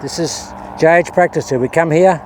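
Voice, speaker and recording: Between shots at an outdoor golf practice area, a male golf vlogger chats casually to camera and gives himself coaching tips. He speaks at normal speed in a voice on the high side, and faint outdoor noise can be heard.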